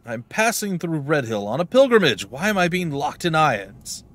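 A man's voice: fairly high pitch, very animated, normal speed, fairly bright tone, no room sound, voice pushed up. A man voicing a proud, indignant male cleric in a game who keeps demanding answers. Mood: protesting. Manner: demanding, self-righteous.

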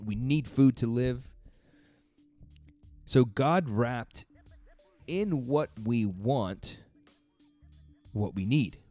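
A man's voice: mid-range voice, a little mellow, dry recording. A man coaching in a casual devotional talk, earnest and conversational, laughing between his points. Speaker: fitness coach giving a daily faith talk.

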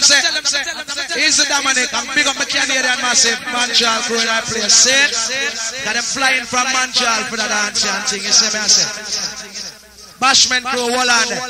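High-voiced Jamaican man hyping a dance. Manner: hyped, chatty patois banter, shouting out crews. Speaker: sound system selector. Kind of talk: live dancehall selector talk on the mic. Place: live club dance. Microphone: handheld mic through a sound system. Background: loud reggae music.

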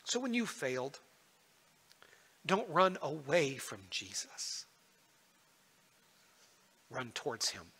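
A pastor preaching in a high, bright voice, earnest and personal as he tells a story. The sound carries a long reverb, like an echoey church hall. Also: very animated, slow, pauses often, husky. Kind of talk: sermon.

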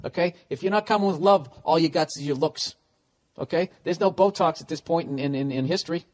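A man's voice: brisk, lightly acted. A man putting on a crude, sneering 1940s movie leading man who is telling off a woman, on a comedy podcast. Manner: crude, sneering, lower and quieter. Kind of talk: comedic put-on rant on a podcast.

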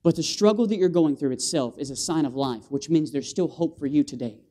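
A man preaching an animated sermon in a church, calling for amens from the congregation and acting out scenes with sound effects. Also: a little high, fairly quick. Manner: animated, with call-and-response and vocal sound effects. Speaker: guest preacher. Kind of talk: lively evangelistic sermon. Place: church sanctuary.

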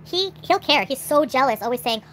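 A woman's voice: high voice, expressive, brisk, fairly bright tone. A young woman vlogging, venting in an upset, swearing rant with sighs. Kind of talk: angry venting vlog.

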